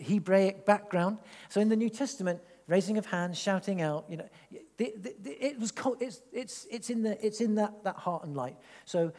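Man preaching in an echoey hall. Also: high-pitched. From England. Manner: animated, rambling, with many restarts. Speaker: pastor. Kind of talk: sermon. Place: church hall.

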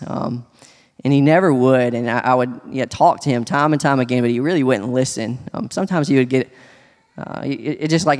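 A man sharing a personal testimony in church, speaking earnestly and haltingly, with many restarts. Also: medium pitch. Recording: long hall reverb.

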